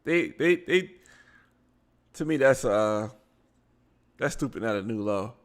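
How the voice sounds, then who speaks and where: A man's voice: mid-range voice, expressive, slow pace. A man with a Baltimore accent, hosting a live show, reading news aloud with stumbles and blunt asides. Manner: reads articles aloud, stumbling over words and adding blunt asides.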